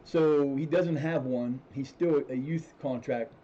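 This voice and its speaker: A man chats casually as he streams a football management game, rambling along, restarting his sentences and cursing whenever things go wrong. He speaks slowly at a medium pitch in a mellow voice, on a muffled recording.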